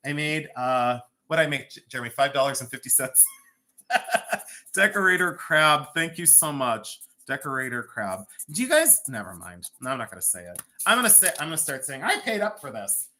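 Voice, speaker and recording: Bright, chatty live-sale host. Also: mid-range voice, big pitch swings, moderate pace. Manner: chatty, joking, laughs often. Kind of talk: live-stream selling chat. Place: home.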